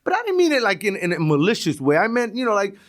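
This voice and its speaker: A man's voice: high voice, quick pace. A middle-aged man with a New York accent, telling stories on a podcast and acting out the voices of the people in them. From East New York, Brooklyn. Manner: animated, acts out voices in his stories, swears. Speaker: podcast guest. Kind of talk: casual storytelling.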